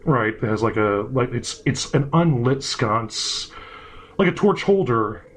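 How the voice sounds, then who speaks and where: A man's voice: mid-range voice, expressive, unhurried. A man running a tabletop game as game master, narrating casually with swearing and loose asides. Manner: casual, swearing, rambling with fillers.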